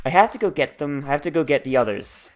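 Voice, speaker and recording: A man's voice: a little high, expressive, fast, faint music behind. A man casually and profanely commenting on a video game he is playing, rambling and exasperated. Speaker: let's play host.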